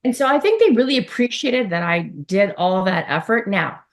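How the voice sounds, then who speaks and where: A woman's voice: mid-range voice, very animated, moderate pace. A middle-aged woman talking casually as a podcast guest, telling stories in a chatty way with asides. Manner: chatty, storytelling, with laughs and asides. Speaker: podcast guest, former model. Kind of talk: casual interview chat.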